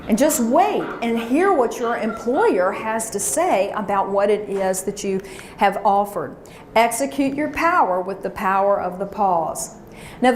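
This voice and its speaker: Echoey woman speaker coaching a crowd. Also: medium pitch. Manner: coaching audience to repeat phrases. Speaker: professional speaker. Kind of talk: motivational seminar talk. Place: conference room before an audience. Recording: echoey room with faint hiss.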